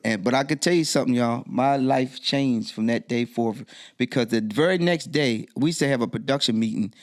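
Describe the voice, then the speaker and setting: A middle-aged man, a guest DJ, telling a personal story in a podcast interview, his voice jumping high when he quotes himself. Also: fairly quick.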